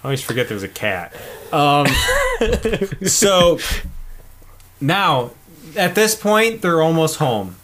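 A man's voice: fairly high pitch, sing-song, slow pace, pauses often, a bit bright. A man casually retelling a film's plot with laughs and swearing, acting out the characters' lines as he goes. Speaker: podcast co-host. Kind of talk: casual movie recap chat.

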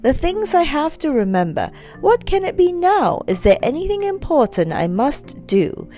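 A woman's voice: high-pitched, sing-song, moderate pace, dark tone, soft background music, pitched above the performer's own voice. A woman voicing a fussy, forgetful old husband who frets and exclaims. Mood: fretful. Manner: fretful, exclaiming.

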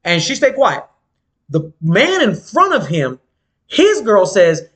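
A man chatting casually as a podcast co-host, telling animated, slangy, profane stories. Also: slow. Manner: animated storytelling, swings pitch wide, slangy and profane. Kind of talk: casual chat.

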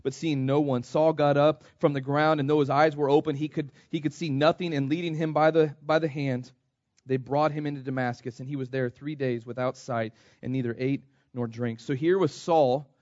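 A man's voice: on the high side, steady tone, moderate pace, a little mellow, no room sound, highs cut off. A man from the United States preaching a sermon, repeating himself and calling the congregation "church". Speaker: pastor.

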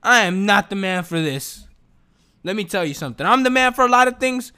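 A man's voice: sits high, a little fast, clean tone. A young man hosting a podcast, talking in a casual, joking monologue full of slang and swearing. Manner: animated, joking, slangy and profane. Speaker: podcast host.

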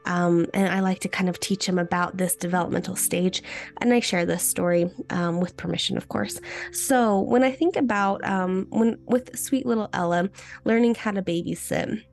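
A woman's voice: on the low side, normal speed, creaky. A woman hosting a podcast, in a casual teaching chat with her listeners, often restarting her sentences. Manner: chatty, talks straight to listeners; frequent restarts and fillers. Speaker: podcast host.

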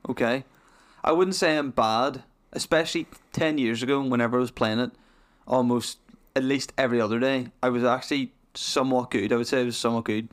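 A man co-hosts a relaxed podcast. He rambles through his stories, pokes fun at himself and keeps the tone playful. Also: mid-range voice, brisk, hardly any pauses. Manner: self-deprecating, rambling, playful. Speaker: podcast co-host. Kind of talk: casual chat.

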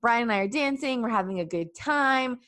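A young woman in her twenties telling a story in casual chat, animated and full of fillers. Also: on the high side, brisk.

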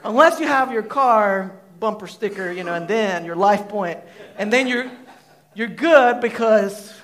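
High-voiced guy preaching, super conversational, tons of "like", keeps asking the crowd stuff. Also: unhurried. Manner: conversational, animated, many "like" fillers, asks the audience questions. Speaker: pastor. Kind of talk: sermon. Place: church hall before a congregation.

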